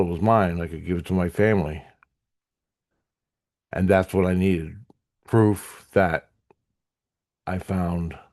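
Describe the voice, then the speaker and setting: A man telling a vlog story of his vision in a rambling, profane and excitable way. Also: low voice, dry recording, clean studio sound. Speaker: vlogger recounting spiritual visions. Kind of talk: casual storytelling to camera.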